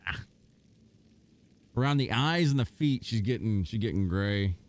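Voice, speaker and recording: A man chatting casually on a livestream, telling stories with animation and cooing softly at his dog. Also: fairly low pitch, animated, normal speed. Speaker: gaming streamer.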